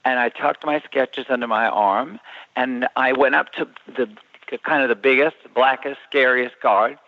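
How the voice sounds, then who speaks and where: An older man, a comedy writer and author, telling an animated story and acting out the voices. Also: mid-range voice, moderate pace. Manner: lively storyteller, acts out voices. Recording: dull lo-fi sound, dry.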